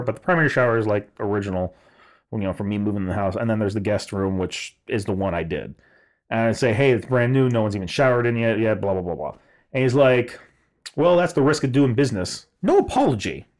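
Male co-host, casual storytelling, animated and profane, average pitch. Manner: animated, swearing, laughing, mimicking others in quotes.

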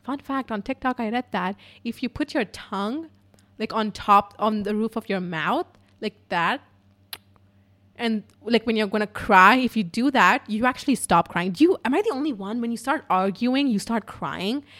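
A young woman telling a story in a casual, profane, animated way at home in her apartment. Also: medium pitch, moderate pace.

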